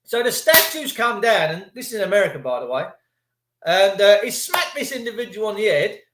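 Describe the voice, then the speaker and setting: A man's voice: high voice, sing-song, brisk, echoey room, noisy background. A man ranting on a livestream, swearing and mocking people in put-on voices. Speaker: livestream ranter. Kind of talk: angry livestream rant.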